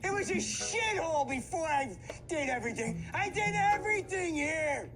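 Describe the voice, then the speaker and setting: An actor playing a middle-aged husband in a TV drama, shouting and then pleading, with a high, lively voice. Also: male voice, moderate pace, loud music behind the voice. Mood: furious. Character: angry middle-aged husband refusing to leave. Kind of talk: TV drama acting.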